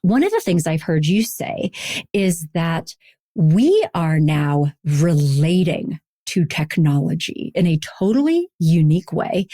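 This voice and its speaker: A woman's voice: medium pitch, darkish tone, dry recording, studio quality. A woman podcast host interviewing a guest in an engaged, affirming way. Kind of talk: conversational interview.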